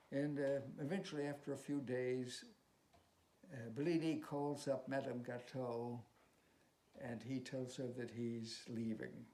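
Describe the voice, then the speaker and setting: Slow, mellow man retelling a story. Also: mid-range voice. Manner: slow, measured, with soft "uh" pauses. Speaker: songwriter and lyricist. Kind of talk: storytelling, retelling a musical's plot. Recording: roomy echo, faint noise.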